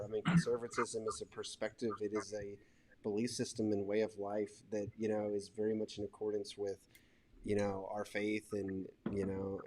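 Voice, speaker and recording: A man in his thirties hosting a casual panel discussion, telling stories in a rambling, animated way. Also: fairly low pitch. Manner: rambling, animated storytelling with laughs. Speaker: host.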